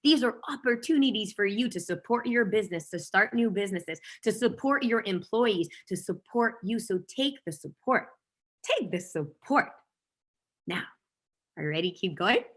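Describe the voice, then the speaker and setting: A woman business coach giving an energetic motivational talk, emphatic and fond of repeating key phrases. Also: medium pitch, moderate pace.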